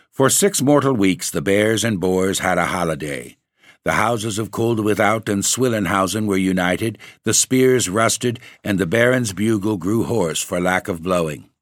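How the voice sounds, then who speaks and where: A man narrating a classic story for a podcast, in a measured, wry storytelling manner. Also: lowish voice, no echo, studio quality. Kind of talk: scripted ghost-story reading.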